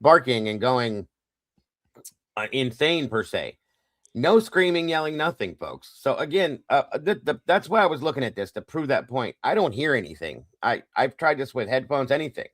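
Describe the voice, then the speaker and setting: A man hosts a casual true-crime livestream in a middle-pitched voice. He talks bluntly, swears freely and keeps hedging with "in my opinion." The sound is dry, with no room echo. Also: big pitch swings, moderate pace, a bit bright. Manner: blunt and profane, keeps saying it is just his opinion. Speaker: livestream host.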